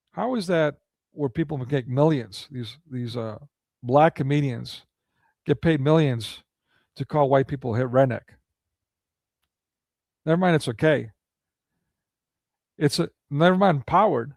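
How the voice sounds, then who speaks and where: A man's voice: mid-range voice, unhurried, gravelly, long pauses, darkish tone, no room sound. A man delivering a ranting monologue of political commentary, indignant and full of rhetorical questions.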